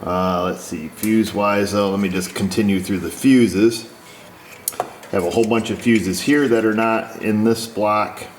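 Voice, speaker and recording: A man's voice: on the low side, steady tone, a little slow, slight background noise, rough recording. A man working as an auto technician, casually talking through a repair while he inspects parts in a shop. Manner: talks to himself while inspecting parts, easygoing. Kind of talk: casual workshop commentary.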